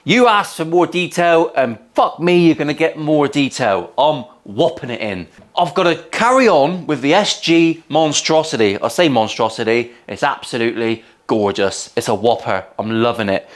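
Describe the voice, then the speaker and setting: A cheeky man with a West Country English accent talks through a guitar build in his workshop. He jokes around and swears freely in easy banter. His voice sits a little higher than most men's. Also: animated, moderate pace, hardly any pauses. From England. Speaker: guitar maker hosting a workshop build vlog. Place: home workshop.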